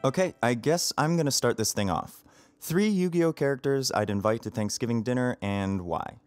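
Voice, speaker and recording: A man's voice: mid-range voice, normal speed, faint music behind. A man talking in a casual video message, chatty and enthusiastic, with frequent ums and little laughs. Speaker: voice actor.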